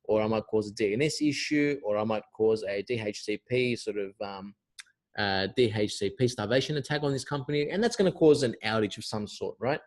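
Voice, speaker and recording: A man's voice: fairly low pitch, a little fast. Chatty man teaching security. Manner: loose, chatty, many fillers and restarts. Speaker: cybersecurity instructor. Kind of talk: informal recorded lesson.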